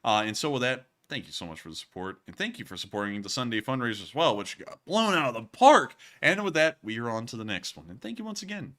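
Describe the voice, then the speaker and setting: A man's voice: medium pitch, very animated, quick pace, few pauses, a bit bright. A man hosting a live stream, chatting casually and thanking supporters at length. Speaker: livestream news host. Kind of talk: casual live-stream chat, reading super chats.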